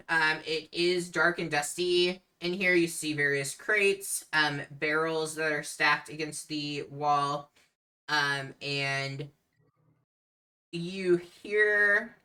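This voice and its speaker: A woman's voice: deep voice, pushed and bright. A woman running a tabletop game as game master, narrating with many hesitant ums.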